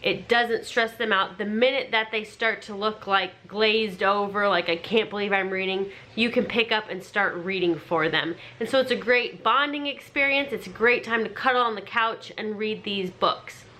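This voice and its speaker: A woman who homeschools her children, talking through reading books in a relaxed, chatty way. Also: mid-range voice, moderate pace, hardly any pauses. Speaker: homeschooling parent. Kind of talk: casual explanatory vlog.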